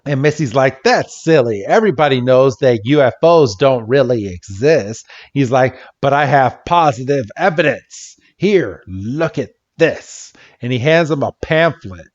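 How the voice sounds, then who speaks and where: Slow-talking man on a podcast. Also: mid-range voice, lively intonation. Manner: amused, laughing often while retelling scenes. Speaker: podcast co-host. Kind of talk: casual episode recap chat. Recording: dull lo-fi audio.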